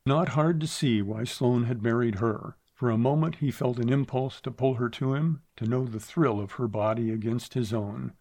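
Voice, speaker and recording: A man reading a western novel aloud in a measured, steady narration. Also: mid-range voice. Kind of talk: audiobook narration.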